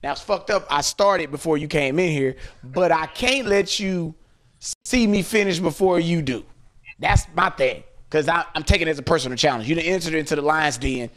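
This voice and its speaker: A man hosting a podcast, telling a story in casual chat, animated and laughing often as he acts out quotes. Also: a little high, moderate pace. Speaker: podcast host. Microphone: podcast studio mic.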